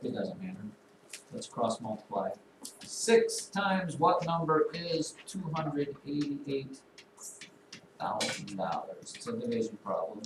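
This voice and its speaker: A man's voice: mid-range voice, lively intonation, a little slow. A man teaching a classroom math lesson, talking students through a problem with dry, teasing asides. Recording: echoey classroom, voice from far off, clear noise.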